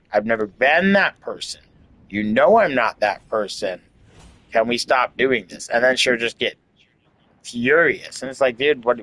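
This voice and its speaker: A man's voice: medium pitch, fairly bright tone, no echo, low-quality recording. A man in his late thirties venting in casual chat, rambling and candid, with lots of "like" and swearing. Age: 30s. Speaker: host.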